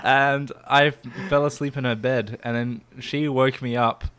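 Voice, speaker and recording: Bright-voiced giggly man. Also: medium pitch, fairly even intonation, a little slow, slight background noise. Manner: rambling, giggly storyteller. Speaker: podcast host. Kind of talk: casual comedy podcast chat.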